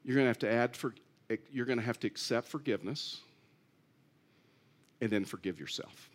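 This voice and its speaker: A man's voice: mid-range voice, moderate pace. A man preaching a sermon in an earnest way, repeating key phrases and rising to emphatic pleas. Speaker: pastor.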